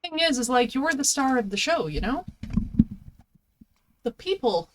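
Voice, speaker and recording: A playful, chatty woman talking to her stream viewers and cooing at her dog. Her voice sits a little high, and she speaks into a headset mic. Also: sing-song, a little slow, a bit bright. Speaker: game streamer. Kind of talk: casual live-stream chat.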